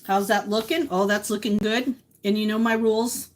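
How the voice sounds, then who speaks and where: A woman's voice: mid-range voice, steady tone, normal speed, a little hiss or hum, poor audio. A woman in her forties chatting casually with viewers as she cooks breakfast in her home kitchen, often talking to herself. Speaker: vlogger. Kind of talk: casual chat while cooking. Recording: faint kitchen sizzle behind.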